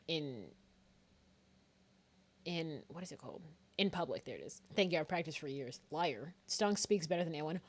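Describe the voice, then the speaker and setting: A woman streaming a game live, chatting playfully with her viewers, laughing, swearing and bantering. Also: sits low.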